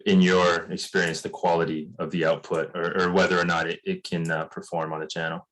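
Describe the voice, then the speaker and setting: Lowish-voiced guy on a video call, polite, kinda stumbly, lots of restarts. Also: little pitch movement, a little fast, fairly bright tone, poor audio. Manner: hesitant, restarts often, polite. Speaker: course member asking a question. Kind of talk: casual Q&A chat.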